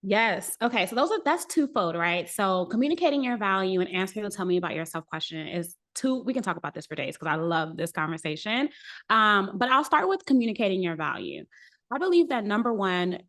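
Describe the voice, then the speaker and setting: An earnest woman career coach explains her advice in an easygoing podcast conversation. Her voice sits at an ordinary middle pitch, and she leans on key points with steady emphasis. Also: fairly quick. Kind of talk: casual podcast interview.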